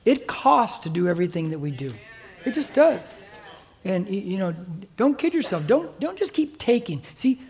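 A man's voice: sits high, big pitch swings, moderate pace. An older man with an American accent preaching a sermon as pastor in a church, emphatic and exhorting. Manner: emphatic, exhorting, mimics listeners' excuses.

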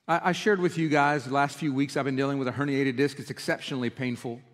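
A man's voice: medium pitch, steady tone, quick pace. A man preaching a sermon as pastor, earnest and emotional in his delivery. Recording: reverberant hall.

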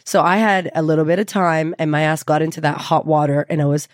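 A woman hosting a podcast, telling a personal story in a candid, lively way and swearing freely. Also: low voice, fast, no echo, clean studio sound. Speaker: podcast host.

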